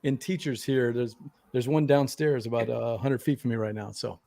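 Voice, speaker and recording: A man hosting a casual live board-game show, talking in a relaxed, rambling way. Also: mid-range voice, moderate pace, vocal fry. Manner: relaxed, rambling, frequent restarts. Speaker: podcast host.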